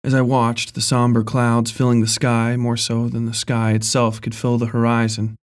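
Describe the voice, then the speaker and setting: A man reading a horror story aloud in a measured, even storytelling voice. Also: medium pitch. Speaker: narrator. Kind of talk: scripted horror story narration.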